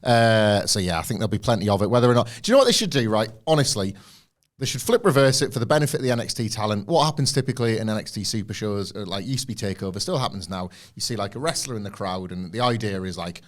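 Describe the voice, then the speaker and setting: A man's voice: lowish voice, racing. Rambling man, casual podcast. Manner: rambling, animated storytelling. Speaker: podcast co-host. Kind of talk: casual chat.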